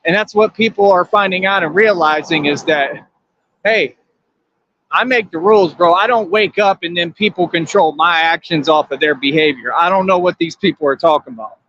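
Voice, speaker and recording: A man's voice: fairly high pitch, normal speed, fairly bright tone, no echo, dull audio. A man hosting a livestream, lecturing his viewers in a confrontational, repetitive rant. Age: adult. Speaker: livestream host.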